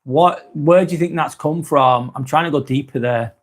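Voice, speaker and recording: A man's voice: fairly high pitch, moderate pace. A man hosting a live vlog, answering chat in a rambling, frank way, swearing often and restarting sentences. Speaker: host.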